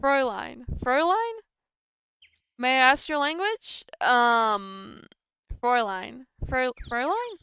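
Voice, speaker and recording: A woman's voice: high-pitched, very animated, slow pace, bright, forceful tone, smooth, dry recording, clean studio sound. A woman whose first language is Estonian or Russian, streaming a visual novel, reading dialogue aloud and stumbling, self-deprecating, over words.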